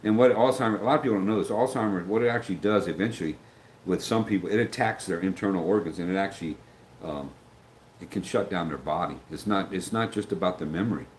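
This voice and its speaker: A middle-aged man with a very low voice, talking loosely on a livestream and answering viewer comments. He wanders off track, backs up, and acts out the people he quotes. A faint hum of noise sits behind him. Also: quick pace, poor audio. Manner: rambling, loses his train of thought, acts out quoted voices. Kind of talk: casual livestream chat.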